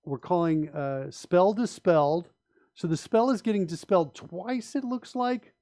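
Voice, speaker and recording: This software developer hosts a live coding stream, thinking out loud with strong opinions, emphatic delivery, frequent restarts and rhetorical questions. His voice is high and darkish, paced deliberately, and captured in a clean, echo-free studio recording.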